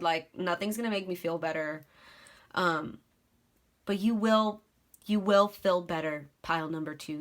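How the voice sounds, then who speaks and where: A woman's voice: fairly low pitch, fairly bright tone. A young woman giving a casual, emotional tarot reading to camera, chatty and giggly, with many fillers. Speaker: tarot reader.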